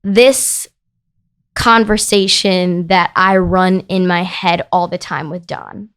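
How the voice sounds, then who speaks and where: A woman guest on a podcast, telling a personal story in casual conversation with emphatic, animated delivery. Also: lowish voice, slow pace, clear, resonant tone. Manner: emphatic, animated, rising into heated retelling. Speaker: podcast guest, business founder.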